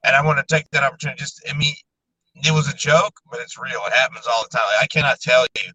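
A man's voice: mid-range voice, fast talker, sharp tone, breathy edge, poor audio. A man guesting on a podcast, telling stories animatedly, acting out quotes and swearing. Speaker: guest content creator. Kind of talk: casual chat.

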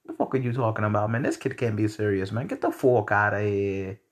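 A man's voice: lowish voice, expressive, normal speed, lightly acted. A man putting on the voice of a scoffing, swearing Italian-American tough guy.

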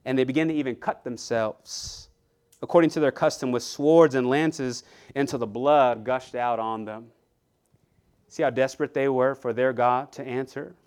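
Animated, clear-voiced male preacher. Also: mid-range voice, normal speed. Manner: animated preaching with frequent repetitions and asides to the congregation. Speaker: pastor. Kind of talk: sermon.

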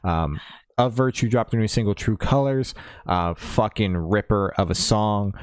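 A man's voice: fairly low pitch, a little slow, clean tone, dry recording, studio quality. A young man co-hosting a music podcast, chatting casually and swearing freely. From United States. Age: young adult. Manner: laid-back, swears freely, many fillers. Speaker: podcast co-host. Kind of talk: casual music news chat.

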